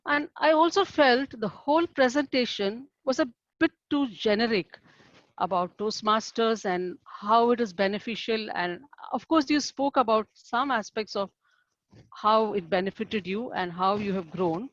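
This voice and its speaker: Woman evaluator, measured and formal, fairly high voice, dull dry call audio. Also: dry recording. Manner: measured, formal and encouraging feedback. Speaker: speech evaluator. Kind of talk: formal speech evaluation at a club meeting.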